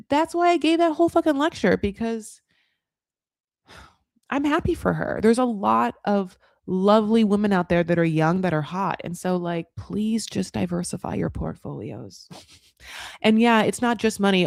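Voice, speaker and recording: A woman's voice: mid-range voice, moderate pace, vocal fry, darkish tone, dry recording, clean studio sound. A woman hosting a reality-TV recap who talks in candid, profane, gossipy casual commentary, filled with "like".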